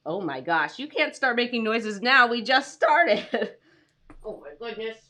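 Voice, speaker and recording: Bright-voiced chatty woman streaming from home. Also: fairly high pitch, expressive, measured pace. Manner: chatty, many fillers, greets viewers by name. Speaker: freelance writing coach hosting a livestream. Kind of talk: casual livestream chat. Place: home, with her dogs nearby.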